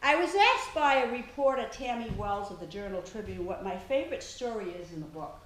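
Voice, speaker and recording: A woman's voice: mid-range voice, expressive, a little fast. An older woman, an author, telling chatty family stories to an audience and laughing often. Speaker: author giving a talk. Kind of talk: storytelling talk to an audience. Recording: echoey room with faint noise.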